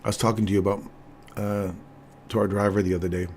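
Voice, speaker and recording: On his live trading stream, an older host speaks quickly with a fairly low pitch, trading casual chat with viewers while he discusses the charts. Chatty and prone to laughter, he turns animated when storytelling. There's slight hiss or hum.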